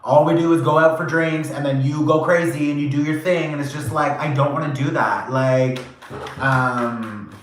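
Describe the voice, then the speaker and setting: A man giving a channeled tarot reading, animated and casual, acting out quoted reactions, swearing now and then and laughing often. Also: fairly high pitch, normal speed. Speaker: tarot reader. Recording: very echoey room.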